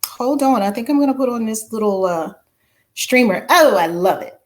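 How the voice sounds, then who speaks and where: A woman's voice: a little high, animated, moderate pace, slight background noise. A woman author hosting a casual livestream, exuberantly calling out greetings to viewers by name.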